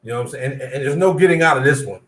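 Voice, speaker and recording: A man co-hosting a casual chat show, talking in an animated way and drawing out words for emphasis. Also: mid-range voice, very fast. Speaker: co-host. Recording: echoey room.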